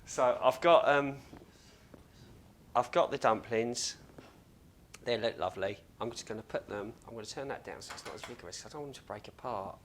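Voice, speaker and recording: A man's voice: medium pitch, moderate pace, slight background noise. A man hosting a casual cooking demonstration in a home kitchen, chatty and joking with self-mocking asides. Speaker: cooking show host.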